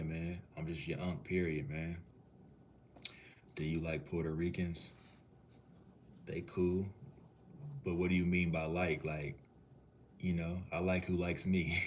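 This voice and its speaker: A man's voice: low-pitched, slight background noise. A man from Minneapolis, Minnesota, chatting casually on a livestream and answering viewers' comments in a laid-back, easygoing way. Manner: laid-back, easygoing, talks to the chat like a cool uncle.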